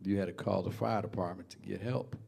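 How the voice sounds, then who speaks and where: A man's voice: low voice, brisk, creaky, slightly rough. Laughing older man telling stories. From Massachusetts. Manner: animated, laughing storyteller. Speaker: singer in a band, guest. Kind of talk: casual storytelling. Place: basement studio.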